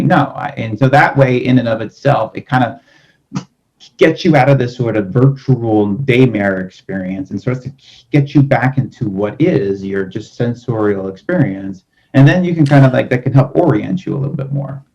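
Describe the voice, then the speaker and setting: A man speaking as a guest expert on a podcast, explaining ideas calmly and at length with many softening phrases. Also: medium pitch, normal speed, vocal fry, dull audio. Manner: calm, explanatory, many "kind of" hedges. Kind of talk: podcast conversation.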